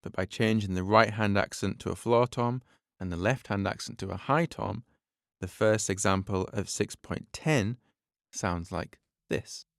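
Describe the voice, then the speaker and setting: Low, smooth-voiced male drum teacher. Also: measured pace, no room sound, faint music behind. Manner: patient, step-by-step explaining, counts beats aloud. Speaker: drum teacher and podcast host. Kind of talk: podcast drum lesson.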